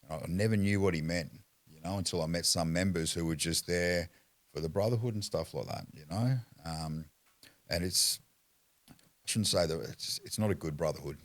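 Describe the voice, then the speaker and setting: A middle-aged Australian man telling rough stories from his past in a casual, blunt way, swearing freely and laughing as he goes. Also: deep voice, moderate pace, no echo. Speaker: podcast guest. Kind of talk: casual storytelling.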